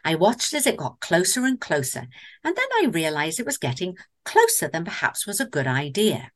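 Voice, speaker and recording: A woman's voice: fairly low pitch, big pitch swings, moderate pace. A woman with an English accent telling a comic story in a theatrical way, with wry asides. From England.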